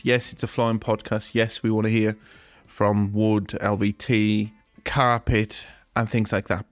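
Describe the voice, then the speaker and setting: A man hosting a solo podcast, talking in a casual, frank, rambling way with a croaky voice from a recent illness. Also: medium pitch, dry recording. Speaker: podcast host.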